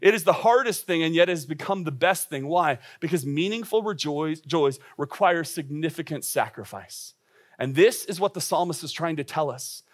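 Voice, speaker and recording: A man with a high voice preaches a sermon to young adults, earnest and urgent. He puts direct questions to his listeners and trips into quick restarts as he pushes his points. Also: lively intonation. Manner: asks the audience direct questions. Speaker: pastor.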